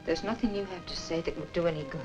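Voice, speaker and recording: Actress playing a grieving young woman, cold, unforgiving, measured, music under the voice. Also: on the low side, lightly acted, low-quality recording. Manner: cold, measured, rising to anger. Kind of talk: old film acting.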